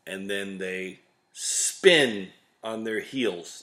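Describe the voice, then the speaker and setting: Slow, bright-voiced ranting man. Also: lowish voice. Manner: exasperated, sarcastic, swears. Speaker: vlog host ranting about liquor. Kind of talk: comedic rant to camera.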